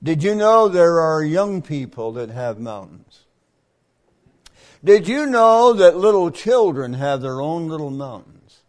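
An older man preaching a camp meeting sermon in a folksy storytelling manner, often clearing his throat. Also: on the high side, sing-song, slow pace, a little mellow.

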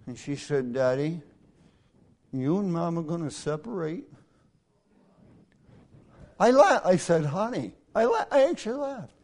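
A middle-aged male preacher delivering a sermon through folksy personal stories, swinging from hushed asides to loud, emphatic lines. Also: on the high side, animated, unhurried, pauses often.

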